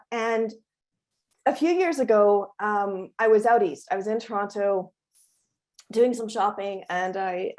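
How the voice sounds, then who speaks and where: Expressive woman telling a story. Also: mid-range voice. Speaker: panel moderator and author. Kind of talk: storytelling opening talk.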